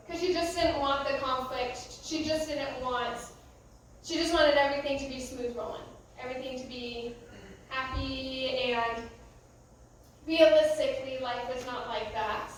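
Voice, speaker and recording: A woman's voice: high voice, fairly even intonation, moderate pace, a bit bright, a little hiss or hum. A young American woman, a youth pastor, giving a casual, conversational talk with many fillers. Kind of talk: youth sermon. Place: church youth room. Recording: echoey room, from a distance.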